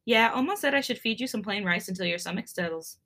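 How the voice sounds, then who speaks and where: A gentle, doting young boyfriend, as a woman reads his lines aloud from a fan fiction story. The voice is bright and clear, and the delivery is a plain, even read-aloud. Nothing about it is acted up. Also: mid-range voice, fast. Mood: sweet.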